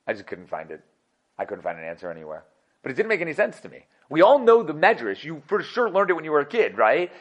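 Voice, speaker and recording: A man teaching an energetic Torah class, full of rhetorical questions and quick laughs. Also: a little high, highs cut off.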